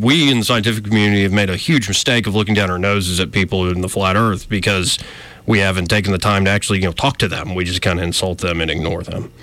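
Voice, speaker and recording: A man's voice: sits low, bright, forceful tone. A man co-hosting a talk radio show, explaining his view thoughtfully. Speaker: radio co-host.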